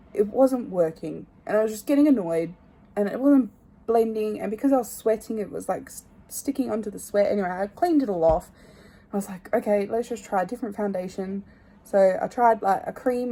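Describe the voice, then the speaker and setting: A young woman in her twenties chatting to her phone camera, rambling and candid, often trailing off quietly. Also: mid-range voice, a little fast. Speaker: vlogger. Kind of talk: casual chat to camera. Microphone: phone held at arm's length.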